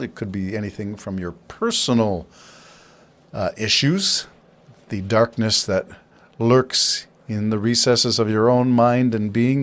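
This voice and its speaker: A man hosting a podcast alone, musing and rambling through his thoughts and asking himself questions along the way. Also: mid-range voice. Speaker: podcast host. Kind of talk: casual solo talk.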